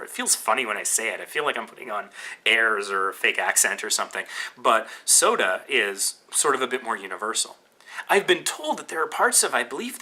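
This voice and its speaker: A man's voice: medium pitch, pushed and bright, breathy edge. A Canadian man hosting a podcast, talking casually and rambling with fillers and restarts. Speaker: podcast host.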